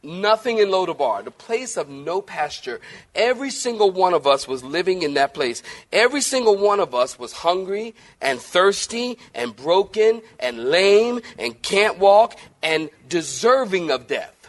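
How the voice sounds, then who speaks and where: A male pastor preaching a sermon in a church, animated, swinging between loud emphasis and soft, gentle lines and joking with his congregation. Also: high voice, measured pace.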